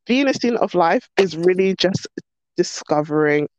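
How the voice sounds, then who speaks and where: A woman's voice: on the low side, moderate pace, dry recording. A woman talking as a podcast guest in casual, bubbly chat that pokes fun at herself. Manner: bubbly, animated, self-mocking.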